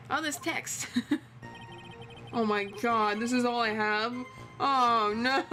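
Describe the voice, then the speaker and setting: A woman's voice: on the high side, very slow, pauses often, pushed and bright, soft background music. A woman streaming a game, chatting casually and laughing often and awkwardly. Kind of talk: casual let's-play chat.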